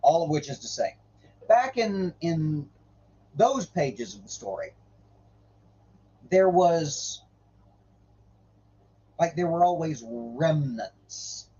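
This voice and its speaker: A man with a fairly high, very lively voice that rises and falls. He talks slowly and is irreverent and profane in casual commentary, then reads old scripture with deliberate weight. His stream audio sounds dull and lo-fi. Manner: irreverent, swears freely, jokes between readings. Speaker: host reading the Bible on a livestream.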